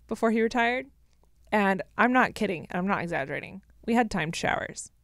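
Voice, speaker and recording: A woman's voice: mid-range voice, animated, normal speed, dry recording, clean studio sound. A young woman co-hosting a podcast, telling rambling stories in casual chat. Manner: chatty, rambling storyteller. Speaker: podcast co-host.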